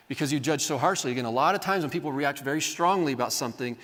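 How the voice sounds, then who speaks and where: A man's voice: a little high, very fast, few pauses, a bit bright. A man teaching a classroom lecture, talking casually and often asking "right?" as he acts out what people say. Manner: conversational, often acts out quoted voices, adds "right?". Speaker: Bible college teacher. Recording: reverberant hall.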